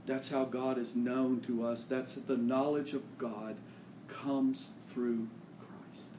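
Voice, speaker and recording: A man preaching a sermon as pastor, swinging between loud, emphatic bursts and quieter, folksy plain talk. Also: medium pitch, level tone, measured pace, echoey room, noisy background.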